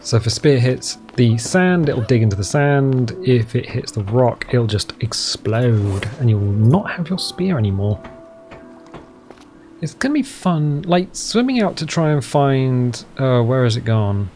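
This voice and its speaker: Chatty gaming-channel man, casual play-along commentary, very lively pitch, music bed faintly behind. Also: unhurried. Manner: chatty, explains game steps while playing.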